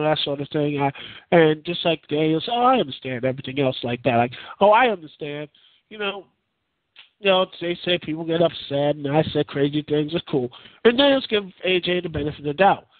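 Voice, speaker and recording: A man with a high-pitched voice hosts his own podcast, rambling through opinionated commentary and circling back to restate his points. The sound is tinny and narrow, like a phone line. The room is dead dry, with no echo at all. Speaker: podcast host. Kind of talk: casual solo wrestling commentary.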